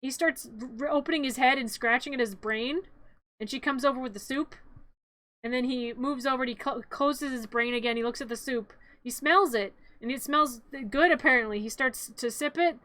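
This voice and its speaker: A woman's voice: high-pitched, normal speed, pushed and bright. A woman streamer narrating a cartoon in a playful, rambling, giggly way, often correcting herself.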